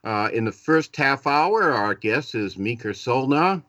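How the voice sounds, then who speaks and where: A man's voice: medium pitch, animated, a little slow, sharp tone, no room sound. A man with a Boston accent hosting a live political talk radio show, chatty and self-deprecating, with frequent "uh" fillers.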